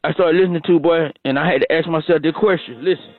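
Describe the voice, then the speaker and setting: A man's voice: a little high, soft background music. A man playing a long-winded comic caller on a morning radio show, rambling on and on and repeating the same words. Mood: rambling earnest. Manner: rambling, drawn-out, repeats "shawty" and "boy" constantly. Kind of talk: comedy phone call-in bit. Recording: tinny, dry phone line.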